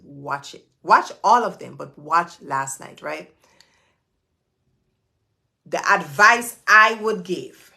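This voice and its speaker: A woman's voice: on the low side, sharp tone. Woman hosting a chatty live Q&A. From Florida. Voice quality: creaky. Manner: chatty and direct, addresses viewers as y'all. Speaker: host of a live stream Q&A. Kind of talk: casual live stream Q&A.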